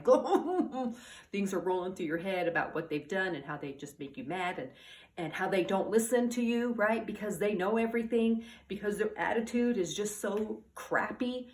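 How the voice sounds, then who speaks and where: A woman talking as a parenting coach in a casual advice monologue. She rambles, restarts her sentences and keeps checking in with "okay?" and "all right?". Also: lowish voice.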